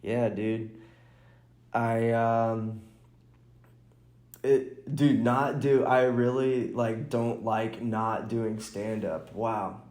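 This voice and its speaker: A man in a relaxed solo podcast chat. He talks slowly, wanders from thought to thought, and breaks off sentences with small chuckles. His fairly low, mellow voice rings in a roomy, echoing space. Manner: rambling, restarts sentences, chuckles. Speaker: podcast host and stand-up comic. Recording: roomy echo.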